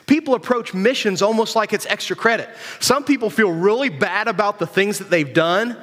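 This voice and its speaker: Man, preacher, high voice, casual sermon, rhetorical questions, long hall reverb. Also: moderate pace, fairly bright tone. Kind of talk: conversational sermon to young people.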